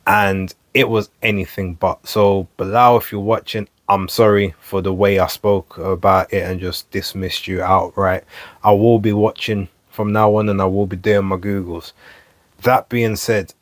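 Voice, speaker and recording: Male vlogger, lowish voice, rambling and self-correcting, dry close recording. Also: no echo. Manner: rambling, self-correcting, stumbles over names. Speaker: boxing vlog host. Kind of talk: casual solo commentary to camera. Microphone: camera mic.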